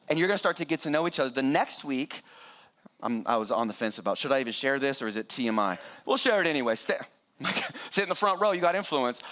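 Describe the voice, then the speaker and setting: A middle-aged man preaching a sermon as pastor, animated and joking with the congregation. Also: medium pitch.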